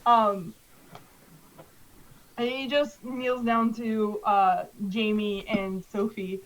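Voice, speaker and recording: A woman's voice: mid-range voice, fairly even intonation, drawn-out words, a little hiss or hum, rough recording. A young woman narrating as game master of a tabletop game, laughing often and using many fillers.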